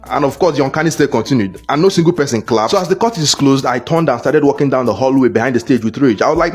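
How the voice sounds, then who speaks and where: A man narrating a comedic cartoon story in first person, telling it in an animated, exaggerated, jokey way. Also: medium pitch, fast, few pauses, soft background music. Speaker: narrator voicing the lead character.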